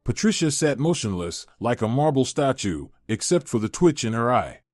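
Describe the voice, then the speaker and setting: A man narrating a scripted first-person story in an expressive, dramatic way. His pitch moves in a lively, animated arc. The sound is dry and close, with faint music underneath. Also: normal speed, no echo.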